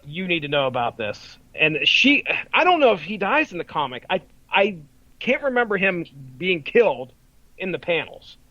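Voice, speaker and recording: Male podcast co-host, casual rambling storyteller, slightly high voice, close and dry. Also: very animated, moderate pace, bright, forceful tone, dry recording, dull audio. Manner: rambling retelling, swears and laughs freely. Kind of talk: casual chat.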